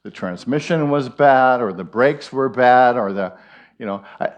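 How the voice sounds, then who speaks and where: A man's voice: mid-range voice, measured pace, highs cut off. A man with an Irish accent giving a conversational storytelling sermon, folksy with frequent asides. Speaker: minister giving a talk.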